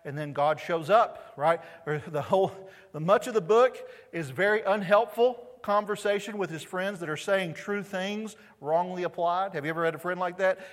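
A middle-aged pastor delivers his sermon in a casual, conversational way, often turning to the congregation with questions. His voice sits a little high for a man. The sanctuary leaves a long reverb trailing behind every phrase. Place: church sanctuary.

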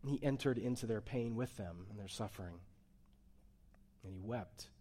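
A man, a pastor, giving a sermon in a relaxed, conversational way, dropping to a hush and then rising to emphatic points. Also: on the low side, moderate pace. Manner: conversational preaching, swings between soft and emphatic.

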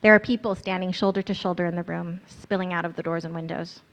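A woman's voice: on the low side, steady tone, fast. A woman narrating a guided scripture meditation in the second person, in an earnest, storytelling manner.

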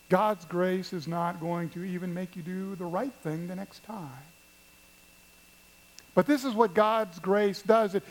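A pastor preaching a sermon at a church service, telling stories and addressing the congregation with emphasis. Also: male voice, sits high, rough recording. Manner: storytelling, emphatic, speaks to the congregation.

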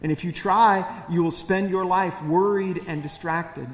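A man's voice: high voice, steady tone, a little slow, echoey room, long reverb tail. A male pastor preaching a sermon in a conversational way, often putting questions to the congregation.

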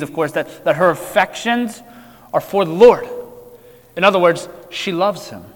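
A man preaches in an earnest, emphatic manner with a somewhat high voice. His phrases swell loud and then sink low and quiet. The sound carries the long reverb of a large hall. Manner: earnest, emphatic with wide swings in loudness. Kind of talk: sermon.

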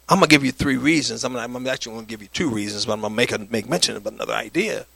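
A man preaching with a high, gravelly voice that turns bright and forceful. He swings between loud proclamations and near-whispered lines, drawing responses from his congregation. The sound is close and dry. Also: animated, fast, dry recording. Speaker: pastor. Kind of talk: sermon.

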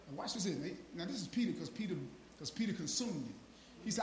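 A man preaching an informal sermon with fervor, calling listeners by name, repeating "now watch this" and building to shouted peaks. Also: high-pitched, very fast. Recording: roomy echo.

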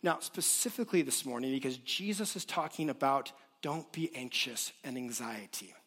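A man in his late thirties preaching a sermon, telling a personal story in an animated, self-deprecating way. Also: medium pitch, moderate pace, slightly rough. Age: late 30s. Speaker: pastor. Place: church auditorium with congregation.

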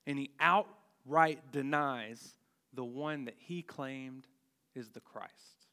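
Slow, bright-voiced male preacher in a hall. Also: medium pitch, smooth. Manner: deliberate, emphatic preaching with dramatic pauses and rhetorical questions. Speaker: pastor. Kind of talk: sermon. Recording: long hall reverb.

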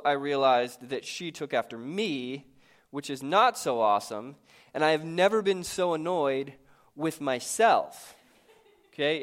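A man in his thirties, a pastor, telling a personal story in a sermon in a lively, conversational, self-mocking way. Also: a little high.

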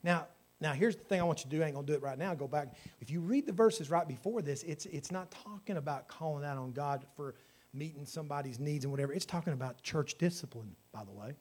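A middle-aged pastor delivers a sermon in a fairly high voice for a man. He moves between loud, fervent exhortation and low, hushed storytelling. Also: animated, fast. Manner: preaching with swings from shouting to hushed storytelling.

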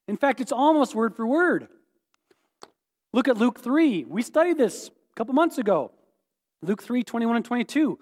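Sex: man. Role: pastor. Style: sermon. Pitch: very high for a man. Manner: animated, playful, questioning the congregation. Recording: echoey hall reverb. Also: normal speed, long pauses. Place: church sanctuary.

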